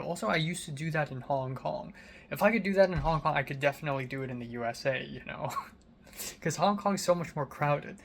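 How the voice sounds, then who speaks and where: A young man talking quietly and rambling to his phone camera, chuckling to himself as he walks an empty street at night. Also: on the high side, gravelly, a little hiss or hum. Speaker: vlogger. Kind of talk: casual self-filmed vlog.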